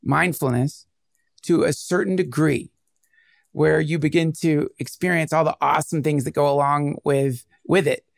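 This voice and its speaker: Male podcast host, gravelly, slightly high register, rambling and animated. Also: normal speed, no room sound, studio quality. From United States. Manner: rambling, animated, self-interrupting. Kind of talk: casual conversation.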